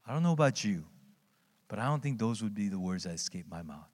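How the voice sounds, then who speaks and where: A man in his thirties preaching a sermon as pastor, telling stories in a conversational way, with big swings in pitch and frequent tag questions. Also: big pitch swings, fast, darkish tone. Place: church sanctuary. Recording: long hall reverb.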